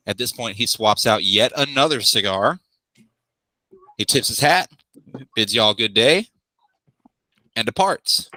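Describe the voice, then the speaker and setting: A man narrating as game master in a tabletop game, in a lively, descriptive way. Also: fairly low pitch, measured pace, pauses often, dry recording.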